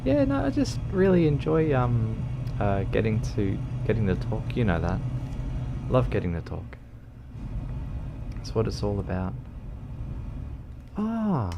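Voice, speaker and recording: Man, low and gravelly, unhurried, rambling livestream chat over loud game noise. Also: huge pitch swings, muffled recording. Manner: rambling, lots of ums, reads chat aloud, self-deprecating. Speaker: streamer. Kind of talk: casual livestream chat while gaming.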